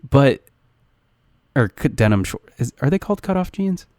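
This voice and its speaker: A young man co-hosting a podcast in casual chat, rambling and crude, with sudden loud jumps. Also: medium pitch, big pitch swings, normal speed, no room sound, studio quality. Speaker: podcast co-host.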